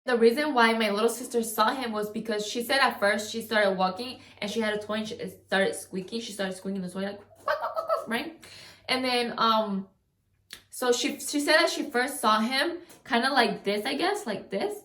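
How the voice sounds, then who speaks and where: With a voice on the high side and a fairly bright tone, a young vlogger speaks at normal speed as she tells the camera a long personal story. This casual storytime is rambling, heavy on "like," and full of restarted sentences, all in an echoey room.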